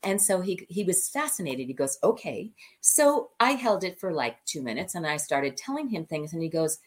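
A woman guest, a cabaret singer, telling stories from her career in an animated, conversational way and laughing often. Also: on the low side, moderate pace. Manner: lively anecdotes, acting out the voices of people she quotes; laughs often mid-story.

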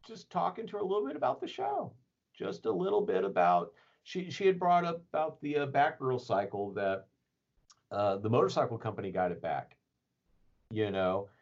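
A man telling a story in a casual, rambling way, with lots of fillers and chuckles. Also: medium pitch. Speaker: podcast guest telling a story. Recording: dull lo-fi recording.

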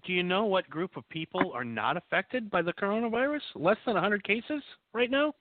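A man's voice: high voice, lively intonation, fairly quick, dry recording. A man in casual chat, trading conspiracy theories in a joking, rambling way. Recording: tinny phone line.

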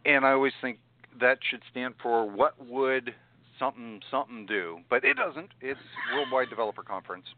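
A man co-hosting a podcast, covering tech news in a playful, animated way. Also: normal speed, dry recording. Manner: playful, animated, jumps in pitch when joking. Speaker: podcast co-host. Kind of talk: casual chat. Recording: dry phone-like sound.

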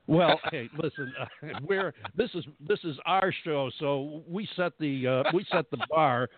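A man's voice: a little high, unhurried, slight background noise. A man hosting a radio talk show, chatty and jokey, laughing often as he talks. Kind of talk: casual radio chat. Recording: phone-like narrow sound.

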